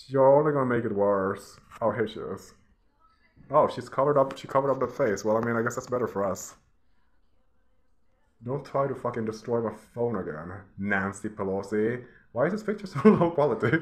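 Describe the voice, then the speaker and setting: A man's voice: medium pitch, animated, moderate pace. A man giving a casual, mocking rant as he browses online, often laughing at his own jabs. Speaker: vlogger. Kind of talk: casual ranting commentary while browsing.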